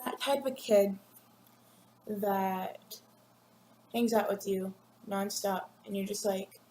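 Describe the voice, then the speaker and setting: A teenage girl rambling and giggling through a casual vlog, acting out classmates in quick voices. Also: mid-range voice, vocal fry, mellow, a little hiss or hum. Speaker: vlogger. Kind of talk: casual chat to camera. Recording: echoey room with faint ambience.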